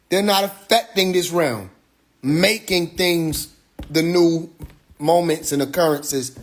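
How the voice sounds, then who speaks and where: A man hosting a livestream monologue, preaching with rhetorical questions and profanity. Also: high-pitched. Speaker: livestream host. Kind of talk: Instagram Live monologue.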